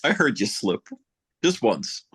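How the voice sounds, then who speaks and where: A man's voice: lowish voice, very animated, slow, a bit bright, husky. A man, a guest musician, chatting casually on a podcast and telling joking, teasing stories.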